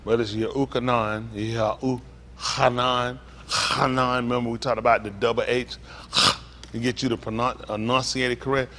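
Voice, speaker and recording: A pastor preaching a sermon, reading scripture aloud slowly and commenting between verses, calling out to the congregation. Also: male voice, mid-range voice, flat delivery, fairly bright tone, a little hiss or hum. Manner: call-and-response preaching, rising to emphatic exclaims.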